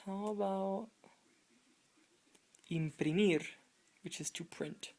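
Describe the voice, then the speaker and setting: A woman's voice: fairly low pitch, steady tone, slow, darkish tone. A woman teaching in a casual video lesson, repeating each example word several times and quizzing the viewers. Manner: asks the viewers quiz questions. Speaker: Spanish tutor.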